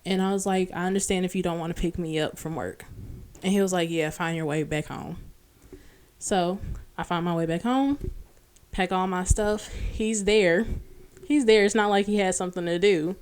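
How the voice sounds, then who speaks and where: A woman's voice: on the low side, normal speed, clear, resonant tone. A young woman guest on a podcast, casually telling a long personal story and acting out the dialogue. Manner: animated storyteller, acts out quoted dialogue.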